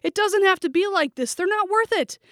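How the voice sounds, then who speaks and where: A woman's voice: very high voice, animated, normal speed, no room sound, studio quality, pitched above the performer's own voice. A woman voicing a frightened teenage girl who pleads breathlessly in an audiobook. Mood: pleading.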